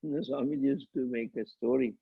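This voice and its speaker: Man, swami, scripture lecture, slow and deliberate, gravelly voice, tinny phone-like audio. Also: medium pitch, steady tone. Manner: slow, deliberate, rising and falling, with chuckles.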